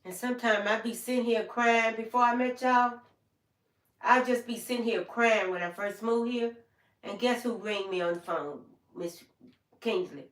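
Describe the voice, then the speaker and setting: A woman's voice: a little high, moderate pace, roomy sound, far from the mic. An older woman hosting a livestream, talking in a folksy, heartfelt way and speaking straight to her viewers by name. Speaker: livestream host. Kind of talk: casual livestream chat with viewers.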